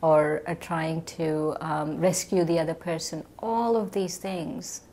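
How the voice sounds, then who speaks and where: A woman in a gentle, thoughtful conversation about listening and meditation. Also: low-pitched, steady tone, unhurried, a little hiss or hum. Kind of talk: reflective conversation.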